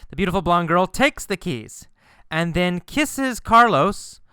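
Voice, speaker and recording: Male ESL teacher, slow deliberate delivery, bright clear tone, repeats key phrases. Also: high voice, sing-song, dry recording, clean studio sound. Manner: repeats phrases and lifts his voice when quoting characters. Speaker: English teacher. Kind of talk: slow explanatory ESL lesson.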